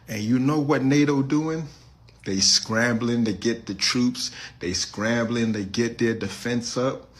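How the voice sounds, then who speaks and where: Male video ranter, slow unhurried pace, slangy and direct. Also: mid-range voice. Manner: slangy, talks straight to viewers. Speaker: social media commentator. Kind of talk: casual slangy video rant.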